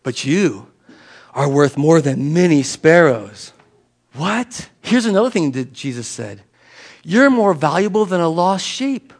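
High-voiced man preaching emphatically. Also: big pitch swings, unhurried. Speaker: pastor. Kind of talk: sermon.

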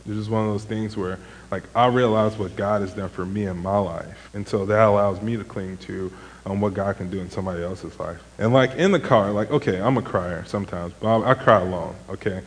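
A man's voice: fairly low pitch, a little fast, in a large hall, rough recording. A young man, a former camp counselor, giving a casual sermon testimony in a rambling way, full of "like" and "um". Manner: rambling, heavy use of "like" and "um".

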